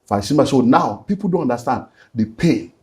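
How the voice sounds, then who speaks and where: A man's voice: medium pitch, animated, a little fast, darkish tone. A middle-aged man with a Nigerian accent, a pastor giving an emotional personal testimony as a guest and slipping into Pidgin. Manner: earnest, slips into Nigerian Pidgin.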